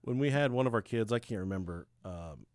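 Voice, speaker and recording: A man's voice: brisk, dry recording. A man in his thirties co-hosting a podcast, telling crude stories in casual comedic chat and acting out the people he quotes. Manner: animated storyteller, acts out quotes with big pitch swings. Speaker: podcast co-host.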